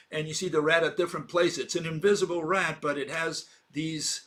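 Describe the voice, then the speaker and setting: A man talks through an informal physics argument in a slightly higher voice. He is emphatic and argumentative, leaning on rhetorical questions and filler words as he builds his point. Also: moderate pace, fairly bright tone. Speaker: lecturer. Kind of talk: informal explanatory monologue.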